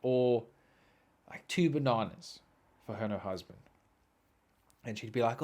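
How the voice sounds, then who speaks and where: A young man hosting a podcast, telling stories in an animated, swearing, ranting way. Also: medium pitch, measured pace, pauses often. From South Africa. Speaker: podcast host. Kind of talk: storytelling monologue.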